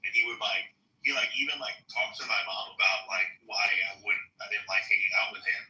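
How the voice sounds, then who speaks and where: Frank man, bright and roomy. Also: low voice, a little fast, distant mic, muffled recording. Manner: frank, hedging with many fillers. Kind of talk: casual conversation.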